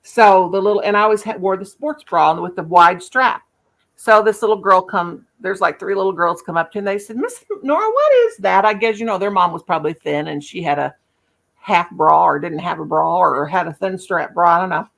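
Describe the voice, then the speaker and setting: Woman host in her fifties, folksy storyteller, relaxed chatty delivery. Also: fairly low pitch, a little fast, creaky. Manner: chatty, folksy, uses endearments like baby doll and sugar. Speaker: channel host. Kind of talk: casual storytelling on a livestream.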